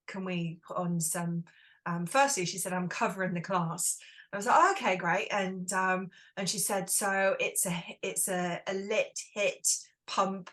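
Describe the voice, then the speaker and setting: A middle-aged woman, a guest on an interview podcast, animated and playful as she tells stories. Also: fairly low pitch. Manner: lively, animated storyteller, playful. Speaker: guest, wellness entrepreneur. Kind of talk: casual interview chat.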